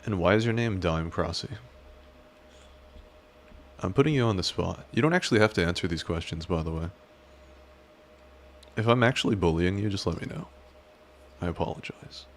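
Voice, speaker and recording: A man's voice: sits low, animated, normal speed, pauses often. A man streaming, chatting casually as he reacts to clips, with a teasing, crude, mock-menacing manner.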